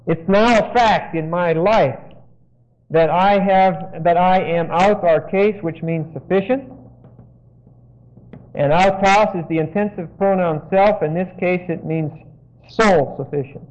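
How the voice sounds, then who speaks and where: A man with a high voice delivers a verse-by-verse sermon. He digresses, unpacks Greek grammar, and keeps asking "okay?". The recording sounds muffled and lo-fi. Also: a little slow, darkish tone. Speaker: Bible teacher. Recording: dull lo-fi sound.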